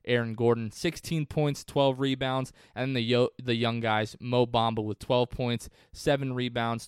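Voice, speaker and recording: A man's voice: medium pitch, smooth, dry recording, studio quality. A man hosting a sports podcast, talking through a game in a casual, conversational way that wanders off on tangents. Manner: conversational, digressive. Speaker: podcast host.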